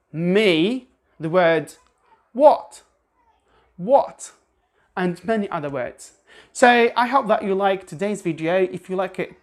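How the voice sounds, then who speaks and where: A woman teaching English pronunciation in an online lesson, demonstrating sounds by repeating words with exaggerated intonation and often restarting her sentences. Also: fairly low pitch. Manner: restarts often, halting explanations.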